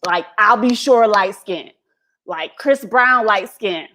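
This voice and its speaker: Her mid-range voice slow, pushed and bright, an American vlogger rants unscripted to her live stream audience, brash and profane, with frequent laughter. It's recorded at home on a built-in laptop microphone.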